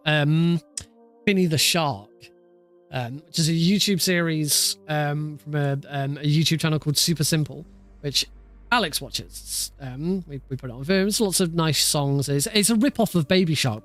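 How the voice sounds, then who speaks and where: A man chats on a live stream, rambling loosely from one thought to the next with lots of fillers and restarts. His voice sits a little high for a man, and faint music plays behind him. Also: moderate pace. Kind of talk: casual live-stream chat.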